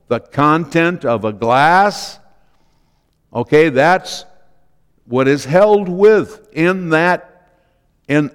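A man preaching a sermon as pastor, slow and deliberate, repeating key phrases for emphasis. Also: a little high, clear, resonant tone, in a large hall.

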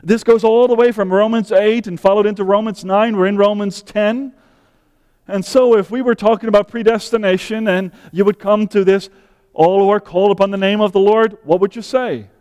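A male pastor preaching a sermon in measured phrases, often asking rhetorical questions. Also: high-pitched, a little mellow, smooth, big-room sound.

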